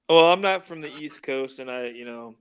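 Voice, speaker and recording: A man's voice: mid-range voice, animated, unhurried, smooth. A man from the United States hosting a casual podcast chat, rambling and laughing often. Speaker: show host.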